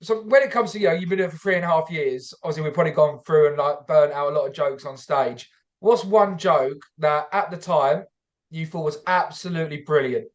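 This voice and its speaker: A man's voice: on the high side, a little fast. A man hosting a podcast, asking questions in a loose, casual way and stammering now and then. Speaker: podcast host.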